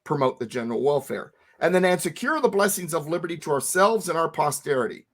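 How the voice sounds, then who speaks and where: Emphatic man explaining, fairly high voice. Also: fast talker. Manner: emphatic, lively, repeats words for stress. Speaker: teacher. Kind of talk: explaining a text to a co-host.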